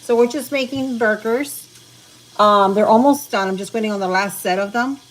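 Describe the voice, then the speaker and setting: A woman's voice: on the high side, normal speed. A woman hosting a casual cooking livestream from her home kitchen, chatting with viewers as she cooks. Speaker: livestream host. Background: frying and sizzling in a kitchen.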